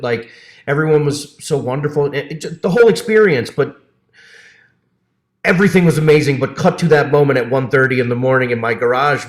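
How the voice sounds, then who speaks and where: Guy talking excitedly about voice acting, lots of laughs and restarts, roomy echo on a video call. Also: fairly high pitch. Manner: enthusiastic, laughs often, frequent restarts. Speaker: voice actor guest. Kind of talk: casual interview chat.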